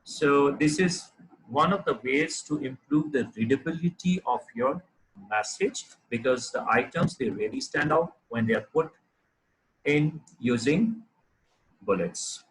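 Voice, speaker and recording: A man teaching a lesson on clear writing, explaining examples step by step with frequent fillers and restarts. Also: mid-range voice, expressive, a little slow, poor audio. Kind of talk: lecture on writing.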